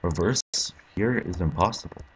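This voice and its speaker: Low husky frustrated young gamer man. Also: normal speed. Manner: frustrated, swearing, bursts into yelling. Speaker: gameplay commentator. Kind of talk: let's play commentary.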